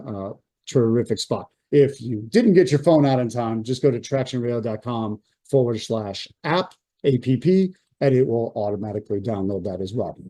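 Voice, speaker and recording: A man hosting a real estate event, pitching his podcast, book and app in an upbeat, salesy way with some fillers. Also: dark tone, no room sound. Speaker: real estate trainer and host. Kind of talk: promotional talk to an audience.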